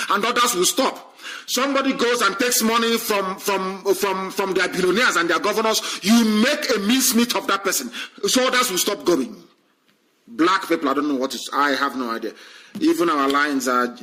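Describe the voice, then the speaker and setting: Guy running a live call-in stream, keeps repeating himself, bright tense tone. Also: on the high side, rough recording. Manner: fervent, repetitive, talks over callers. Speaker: live stream host taking calls. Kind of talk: call-in talk show.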